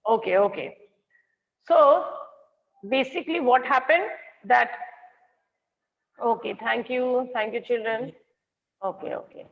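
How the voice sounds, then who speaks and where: A woman's voice: fairly high pitch, a little slow, vocal fry, pauses often, big-room sound, dull audio. A woman with an Indian English accent teaching an online class, explaining words and checking that her students can hear her. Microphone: online class call.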